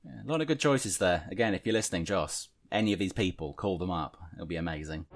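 A man's voice: sits low, fast talker, few pauses. A man hosting a fan podcast, chatting casually and reading listener letters aloud. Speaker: podcast host.

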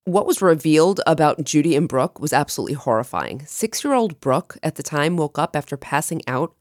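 Lively low-voiced woman hosting a podcast. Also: fairly quick, dry recording, studio quality. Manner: lively, with big pitch jumps when excited. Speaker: podcast co-host. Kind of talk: true crime podcast chat and case narration.

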